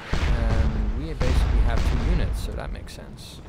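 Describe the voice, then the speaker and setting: A man's voice: mid-range voice, moderate pace. A man giving casual let's play commentary, rambling and self-deprecating with many fillers, over game audio. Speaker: gaming YouTuber. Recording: game music and battle sounds behind.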